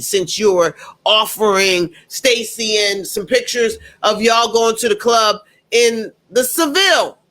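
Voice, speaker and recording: Slow, bright-voiced indignant commentator. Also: medium pitch. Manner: emphatic and indignant, repeats points; speaks directly to the audience. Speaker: political commentator. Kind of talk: opinionated commentary monologue.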